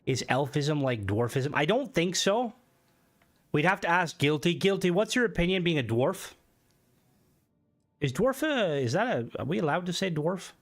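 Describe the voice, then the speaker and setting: A man streaming a game and chatting casually with his viewers, rambling and swearing, with many fillers, and his voice jumps higher when he gets worked up. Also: big pitch swings, normal speed. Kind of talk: casual live-stream chat.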